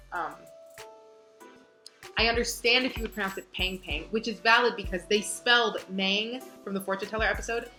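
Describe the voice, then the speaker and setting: Bubbly young woman chatting on a phone livestream, bright crisp voice, faint music behind. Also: medium pitch, normal speed. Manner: chatty, bubbly, full of filler. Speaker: book reader and fan host. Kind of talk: casual chat. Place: home, live stream.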